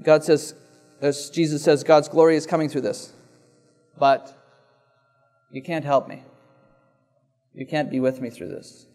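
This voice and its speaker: A man preaching a sermon, reading scripture and then expounding it slowly and deliberately, repeating key phrases. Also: on the high side, fairly even intonation, warm tone. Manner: slow, deliberate preaching with dramatic pauses and repetition.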